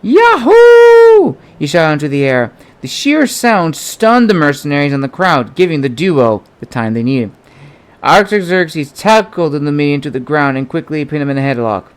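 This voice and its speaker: A man's voice: fairly high pitch, expressive, normal speed, clean tone. A man narrating an audiobook, reading steadily and giving the characters small shifts of voice. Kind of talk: audiobook narration of his own novel.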